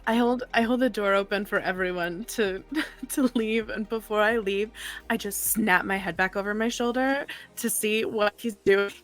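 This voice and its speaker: A woman player at a tabletop game, gentle and teasing, often quiet. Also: mid-range voice, normal speed, faint music behind. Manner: gentle, teasing, soft-spoken. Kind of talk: casual chat at a tabletop game.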